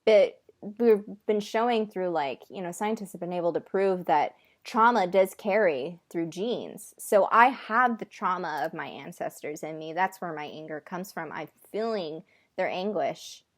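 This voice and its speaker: A woman's voice: fairly low pitch, expressive, unhurried. A woman from the United States, co-host and spirit medium, talking earnestly in a casual video-call chat and often restarting her sentences.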